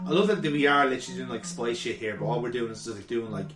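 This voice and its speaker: A young man co-hosting a game playthrough, joking and swearing, now and then shouting or laughing. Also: mid-range voice, quick pace. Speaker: let's play co-host. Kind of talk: casual gaming commentary. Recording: roomy recording with music behind.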